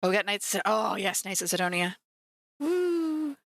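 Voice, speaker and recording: A woman's voice: mid-range voice, very animated, moderate pace, vocal fry, a bit bright, dry recording. A woman streaming as she paints miniatures, chatting casually and teasing her cat at home. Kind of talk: casual live-stream chat.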